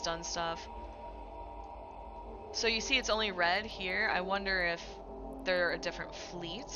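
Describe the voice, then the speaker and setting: A woman streamer talks through a live game in a chatty, slangy, easily excited way. Her voice sits a little low for a woman. Clear background music runs under her commentary. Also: low-quality recording.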